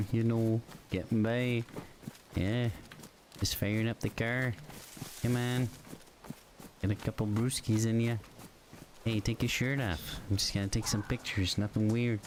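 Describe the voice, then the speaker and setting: A man putting on a jokey, drawling voice as a chummy, beer-loving stereotypical Canadian guy, raised well above his own low voice. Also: fairly even intonation, a little slow, long pauses, noisy background, natural voice.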